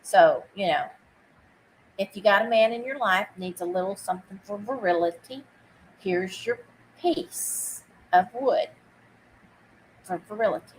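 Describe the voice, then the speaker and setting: A woman with a mid-range voice speaks unhurriedly and pauses often, heard on a low-quality recording with slight hiss or hum. Hosting a live-stream vintage sale, she chats loosely, greets viewers by name as bids come in, and makes easy asides.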